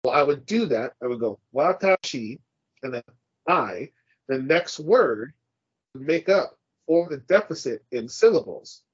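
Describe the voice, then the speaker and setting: A man's voice: mid-range voice, animated, a little slow, slightly rough, no echo, highs cut off. A man co-hosting a casual podcast, ranting and swearing as he argues his point. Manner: profane, ranting, argumentative. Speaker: podcast co-host.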